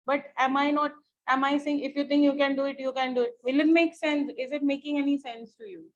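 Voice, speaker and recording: A woman with an Indian English accent teaching an online English class, repeating each phrase slowly for students to underline. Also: high-pitched, level tone. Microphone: computer or headset mic on a video call. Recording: dull lo-fi online call audio.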